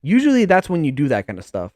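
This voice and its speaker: Slangy, excitable man hosting a football podcast. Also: a little high, fast, no room sound. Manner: excitable, slangy, rambling with restarts. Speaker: podcast host. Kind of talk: casual sports talk.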